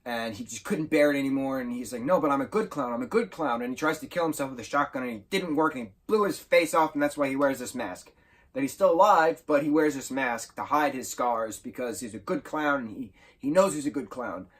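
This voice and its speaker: A man talks through a book review in a loose, enthusiastic ramble, catching and fixing his words as he goes. His voice sits at a middling pitch with a husky edge. It sounds like an informal chat rather than a script. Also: brisk, few pauses. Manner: enthusiastic, rambling, with self-corrections. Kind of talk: casual spoken book review.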